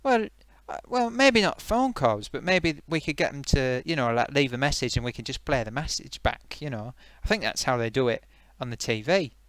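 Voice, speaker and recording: A man's voice: mid-range voice, animated, moderate pace, fairly bright tone, clean tone, dry recording. A man voicing a gloating, eager male sock puppet who hosts a comedy stream, rambling with many fillers. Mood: defensive. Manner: rambling, hesitant, lots of fillers. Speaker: host.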